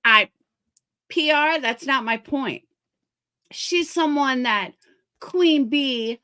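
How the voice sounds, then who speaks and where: A woman's voice: sits high, slow pace, long pauses, bright, forceful tone. A woman streamer ranting heatedly about other creators, swearing often and sounding exasperated. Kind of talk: livestream commentary rant.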